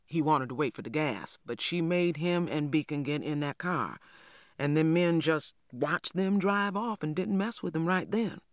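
A man voicing a gossipy older Southern churchwoman in a storybook reading, telling a story in a chatty, animated way. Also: a little high, normal speed, no echo, clean studio sound, close to an everyday voice. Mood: gossiping.

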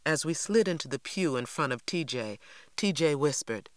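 Guy reading an audiobook, kinda high voice, dry close mic. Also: expressive, moderate pace, fairly bright tone, no echo. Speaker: audiobook narrator. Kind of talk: first-person storybook narration.

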